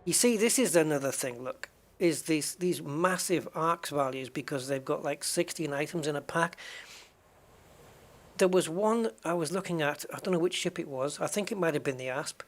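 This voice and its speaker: A middle-aged man with a fairly high voice talks at a moderate pace as he plays a game on a live stream. He rambles casually to his viewers and chuckles as he goes.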